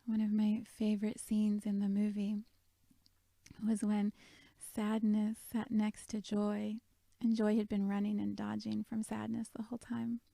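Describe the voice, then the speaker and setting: A woman leading a guided meditation, speaking softly and gently, often half-whispered. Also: mid-range voice, monotone, a little slow, vocal fry, dry recording.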